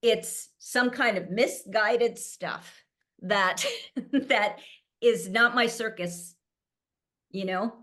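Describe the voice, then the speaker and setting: A woman's voice: mid-range voice, extremely slow, long pauses, fairly bright tone. A middle-aged woman speaking candidly as a panel guest, telling stories and laughing often. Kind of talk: conversational panel talk.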